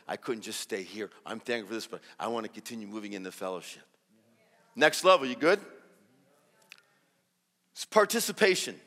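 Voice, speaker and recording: A man giving a sermon as a guest preacher, telling a story and acting out the dialogue with lively energy and many restarts. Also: mid-range voice, long reverb tail. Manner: animated, acts out dialogue, restarts often. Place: large church hall.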